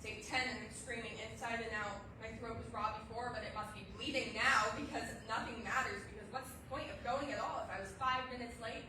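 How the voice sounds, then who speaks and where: A woman's voice: on the high side, steady tone, a little fast, few pauses, a crowd in the background. Teen girl reciting poetry in an echoey hall. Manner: earnest, rhythmic reading with swells of emphasis. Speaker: young poet. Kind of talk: spoken-word poetry recital. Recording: echoey hall, mic far off, noisy.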